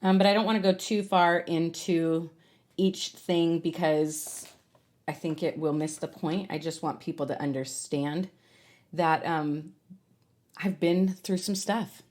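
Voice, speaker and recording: A woman's voice: low-pitched, steady tone, measured pace, a little mellow. A woman hosting her own podcast, talking candidly and earnestly about her faith in an unscripted monologue with frequent fillers and restarts. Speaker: podcast host.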